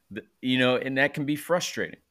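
A man's voice: mid-range voice, moderate pace. A man hosting a podcast, talking casually and openly about his own therapy. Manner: relaxed, says bro, open about himself. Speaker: podcast host. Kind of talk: casual chat.

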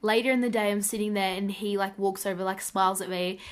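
A teenage girl telling a story in casual chat, animated and gushing with lots of "like", her voice slightly raspy from a cough. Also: mid-range voice, fast talker. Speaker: podcast co-host.

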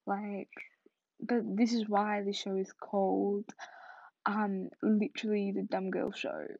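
A woman's voice: medium pitch, flat delivery, slow, creaky, darkish tone. Tired young woman rambling podcast host. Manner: rambling, filler-heavy, slips into whispers. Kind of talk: casual storytelling monologue. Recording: muffled lo-fi recording.

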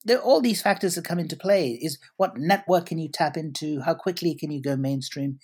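A man's voice: on the high side, fairly quick, breathy edge. A man answering interview questions at length, articulate and elaborate, often restarting his sentences. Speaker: guest commentator.

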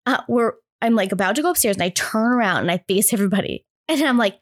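A woman's voice: medium pitch, fairly quick, few pauses. A young woman co-hosting a podcast, telling a childhood story in casual chat and acting out her family's voices as she goes. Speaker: podcast co-host.

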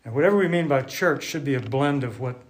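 A man giving a sermon to a congregation, unhurried and conversational, thinking aloud with restarts while drawing on a board. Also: mid-range voice, expressive, slight background noise. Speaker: preacher.

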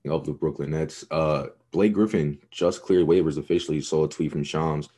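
A young man with an extremely deep, dark and mellow voice, co-hosting a sports podcast. He talks in a loose, rambling way and swears freely. His tone stays laid-back and casual. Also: fairly even intonation, normal speed, breathy edge. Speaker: podcast co-host.

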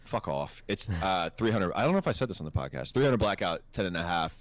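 A deep-voiced man chats casually on a podcast. He swears freely and tells his stories in a loose, offhand way. The sound is dry and close. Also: sing-song, fast, dry recording. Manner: profane, laid-back storyteller. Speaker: podcast co-host. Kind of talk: casual storytelling chat.

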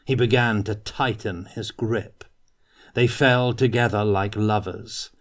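A man reading a fantasy novel aloud in a measured, dramatic way. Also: fairly low pitch, fairly even intonation. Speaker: reader.

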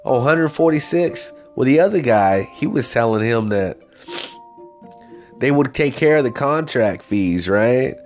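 A man telling a story in a casual, profane, rambling rant with lively swings of pitch. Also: a little slow, soft background music.

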